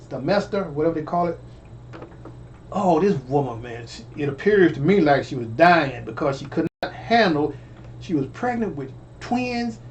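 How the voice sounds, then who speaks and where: A man with a fairly high, slightly mellow voice tells a personal story casually as a storytelling vlogger. He stammers, repeats phrases and calls out directly to his listeners, and the audio is dull with a little hiss or hum.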